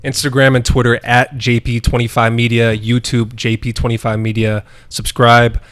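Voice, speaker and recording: A man's voice: medium pitch, little pitch movement, normal speed, fairly bright tone, clean tone. A young man co-hosting a casual sports chat who gives short, blunt replies and swears freely. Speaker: podcast co-host.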